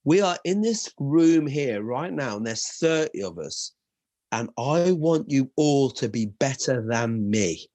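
A man's voice: medium pitch, a little slow, no echo. A man who teaches martial arts, telling stories in casual chat and acting out the voices of kids and parents. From Ireland. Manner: animated storyteller, acts out dialogue.

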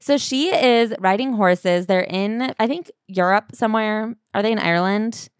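A woman's voice: mid-range voice, normal speed, smooth, no echo, studio quality. A woman co-hosting a casual book-review chat, talking in a loose, chatty way with lots of "like". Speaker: podcast co-host.

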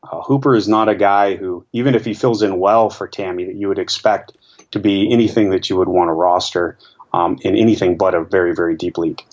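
Lower-voiced hesitant analyst man. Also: fairly even intonation, a little mellow, highs cut off. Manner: measured, hesitant, many fillers and repeats. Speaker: podcast co-host, stats analyst. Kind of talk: casual podcast discussion.

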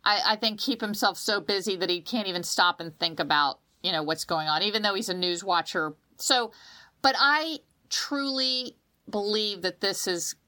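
Woman, co-host, casual chat, bright voice, emotional storyteller, stumbles and restarts. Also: medium pitch, moderate pace. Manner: emotional, animated storytelling with dramatic quoted voices; restarts and repeats words often. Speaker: podcast co-host.

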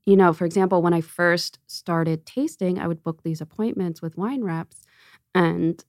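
A woman guest on a podcast, chatting casually and telling animated stories, acting out quotes with laughs. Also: fairly low pitch, moderate pace, dry recording, clean studio sound. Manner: animated storyteller, acts out quotes, laughs often. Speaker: restaurant owner and wine buyer guest.

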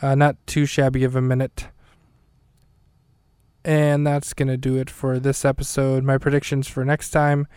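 Dry, flat-voiced man recapping a show. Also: mid-range voice, normal speed, clean tone, no room sound. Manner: rambling, self-correcting, dry humor. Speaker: podcast host. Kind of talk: casual solo recap.

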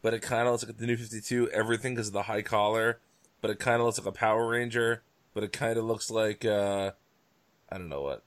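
A man's voice: lowish voice, steady tone, brisk, no room sound. A man co-hosting a casual podcast chat, wry and teasing. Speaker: podcast co-host.

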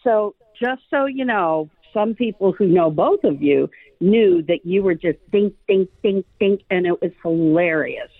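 A woman calling into a talk show, excited and chatty. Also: fairly low pitch, measured pace, dry recording. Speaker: caller. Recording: tinny phone line.

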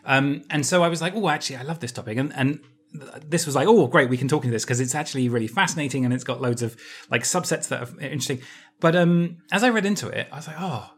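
A man co-hosting a podcast who tells stories in an animated way, laughing easily and restarting his phrases. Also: medium pitch, fast talker, husky. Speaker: podcast co-host. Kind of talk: casual podcast chat.

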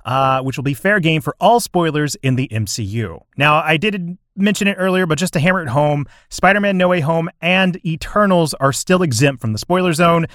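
A man hosting a podcast in casual chat, upbeat and quick to laugh, explaining the show's format plainly. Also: fairly high pitch, a bit bright, no room sound, clean studio sound. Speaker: podcast host.

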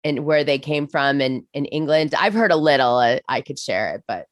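An American woman with a low-pitched voice asks eager questions. She gushes readily, and her voice sits in a dry, close recording. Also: expressive, dry recording. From United States. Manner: eager, curious, quick to gush. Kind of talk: casual chat.

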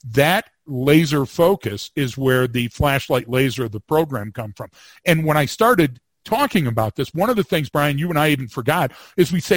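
A man co-hosting a podcast, a former police field training officer telling a story with wry humor and lively delivery. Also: a little high, moderate pace, no echo. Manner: animated storyteller, wry humor, repeats words when starting. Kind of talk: casual storytelling chat.

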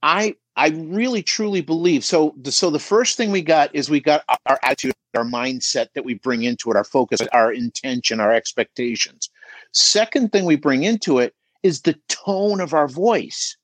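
A middle-aged man coaching on a podcast, emphatic and animated, asking rhetorical questions as he talks. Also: a little high, moderate pace, dry recording. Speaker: auto shop business coach guest. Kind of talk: podcast conversation.

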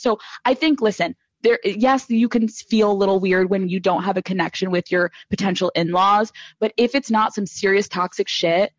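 A woman's voice: mid-range voice, normal speed, few pauses, dry recording, muffled recording. A woman hosting a podcast live, giving blunt, profane advice and gushing over her listeners in casual chat. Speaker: podcast host.

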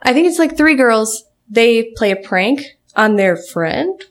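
A woman's voice: fairly high pitch, lively intonation, a little slow. A woman in casual conversation, telling rambling stories, laughing often. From grew up on a farm. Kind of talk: casual chat.

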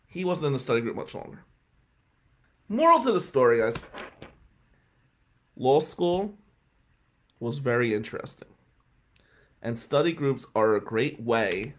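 A brash, blunt man telling stories from law school in a casual way, swearing as he goes. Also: mid-range voice. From New Jersey. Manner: brash and blunt, swears, voice climbs sharply when riled up. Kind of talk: casual storytelling.

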